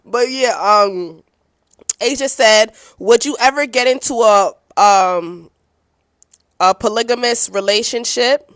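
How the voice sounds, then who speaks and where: A young adult woman hosting her own podcast, answering listener questions in blunt, profane, casual chat and quickly apologizing when she oversteps. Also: on the high side, fairly bright tone, dry recording. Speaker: podcast host.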